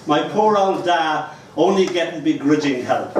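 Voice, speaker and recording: An older Irish man performs his poems live, and between verses he slips into playful, teasing banter. His voice sits a touch high for a man. He is caught from some way off the mic, in a very echoey room with faint noise behind him. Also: a little slow, hardly any pauses, recorded from a distance. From Ireland. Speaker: poet. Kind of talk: live poetry reading.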